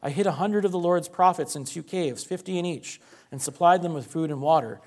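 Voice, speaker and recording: A terrified male servant begging not to be sent to his death, as a preacher puts him on. His voice climbs higher and louder as he pleads, pressing every line with urgent emphasis. It is a scripture passage read aloud with feeling rather than a full stage performance. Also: brisk, natural voice. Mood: fearful pleading.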